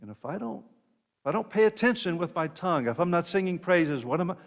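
A man delivers a sermon in an easy, conversational style. His voice sits a little high for a man and he keeps asking "right?" of his listeners. The sound carries the long reverb of a large hall. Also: lively intonation, quick pace. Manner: conversational preaching, frequent "right?" asides and repeated words. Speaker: pastor.

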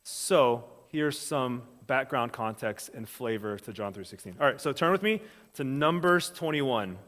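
A man's voice: mid-range voice, expressive, fairly bright tone. A man preaching a sermon, casual and conversational, checking in often with his congregation. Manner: casual, talks straight to the congregation with quick check-ins. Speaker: pastor. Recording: long hall reverb.

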